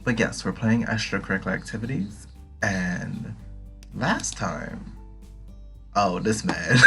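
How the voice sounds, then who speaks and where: A man's voice: sits low, sing-song, measured pace, vocal fry, faint music behind. A man hosting a let's play, reading a visual novel aloud with giggly, joking reactions. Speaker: gaming channel host.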